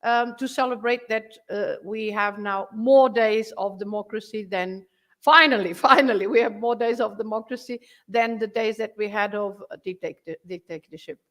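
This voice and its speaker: A woman's voice: medium pitch, moderate pace, a bit bright. A Portuguese woman with a Portuguese accent, a teacher and guest, chatting casually in English with many fillers and laughs. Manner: giggly, hesitant, with frequent fillers. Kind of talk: casual chat.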